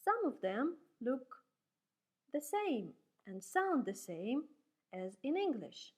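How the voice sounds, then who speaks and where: Slow, careful woman teacher. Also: big pitch swings. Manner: says example letters and words louder and higher, often twice. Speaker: Russian language teacher. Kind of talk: slow, careful language lesson.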